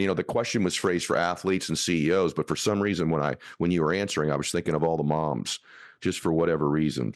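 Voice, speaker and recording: A man hosting an interview podcast, talking in an earnest, rambling and emotional way. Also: deep voice. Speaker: podcast host. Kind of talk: casual interview talk.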